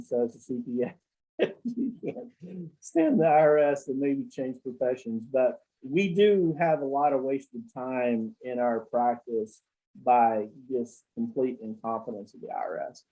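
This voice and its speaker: On a call, a male accountant appearing as a guest tells blunt, salty stories in rambling casual talk, full of fillers and restarts. His mid-range voice is mellow and moves at a moderate pace. The recording quality is low.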